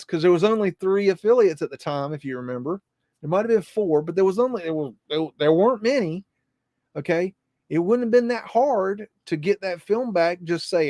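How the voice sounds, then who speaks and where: A man's voice: high-pitched, darkish tone, no room sound, studio quality. A man hosting a live podcast, talking in a rambling, repetitive way and swearing freely. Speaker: podcast host.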